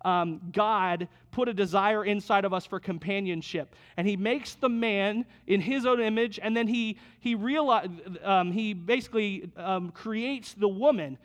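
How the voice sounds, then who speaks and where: A man's voice: sits high, a little slow, few pauses. A middle-aged man preaching a sermon to couples in a conversational way, repeating key lines and joking with his listeners. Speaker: pastor.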